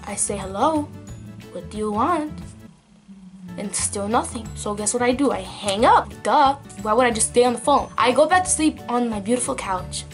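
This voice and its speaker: Young woman vlogging, lots of likes and ums, bit high pitched, soft music under. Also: a little fast, hardly any pauses. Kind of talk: casual story time.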